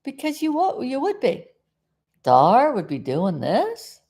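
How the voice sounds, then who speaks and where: A woman's voice: high-pitched, wildly swooping pitch, takes it slowly, darkish tone. A middle-aged woman from South Florida hosting a casual live stream, chatting in a meandering way and often losing her train of thought.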